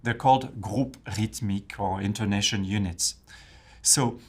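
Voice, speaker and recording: A man hosting a pronunciation lesson, explaining French rhythm and intonation clearly and putting questions to his guest. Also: fairly low pitch, normal speed. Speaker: French pronunciation teacher, host.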